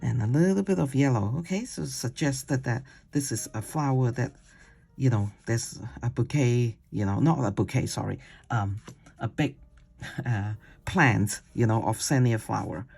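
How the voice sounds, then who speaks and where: A watercolor instructor giving a casual painting demonstration, chatty and digressive, who coaxes gently and ends steps with "okay?". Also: medium pitch, measured pace, creaky, slightly rough.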